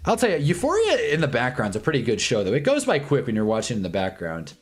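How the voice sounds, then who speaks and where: Rambling young livestream host. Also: male voice, mid-range voice, huge pitch swings. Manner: rambling, candid, swears and repeats himself; puts on quick voices for quoted people. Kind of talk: casual chat during a sports watch-along.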